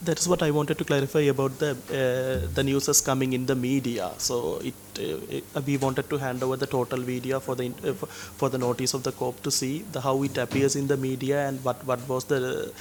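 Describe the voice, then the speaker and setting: A man with a Sri Lankan accent, a bureau chairman giving formal testimony to a committee in a halting, defensive way. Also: medium pitch, level tone, a little hiss or hum.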